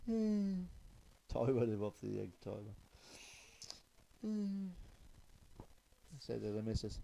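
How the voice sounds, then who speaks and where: Man, stand-up comic, mellow tone, chuckles at own jokes. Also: mid-range voice, very animated, takes it slowly, vocal fry, pauses often, rough recording. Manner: chuckles at his own jokes, loose and chatty. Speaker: stand-up comedian. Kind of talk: stand-up joke telling.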